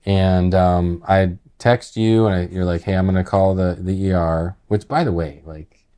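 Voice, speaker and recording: A man on a podcast, telling a personal story in a casual, animated way that sometimes drops low and quiet. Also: normal speed, clear, resonant tone. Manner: animated, laughing retelling that drops to quiet, heavy tones.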